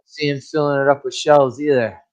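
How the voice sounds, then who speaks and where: A man's voice: medium pitch, brisk. A man co-hosting a casual movie review chat, talking bluntly and with a lot of swearing. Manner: profane, blunt, animated. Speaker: podcast co-host.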